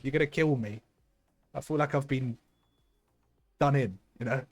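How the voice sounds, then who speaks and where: Excitable young man casting a match. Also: mid-range voice, normal speed, faint music behind. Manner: excitable, shouting thanks to viewers. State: losing his voice. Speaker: streamer and match caster. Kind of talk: live esports commentary.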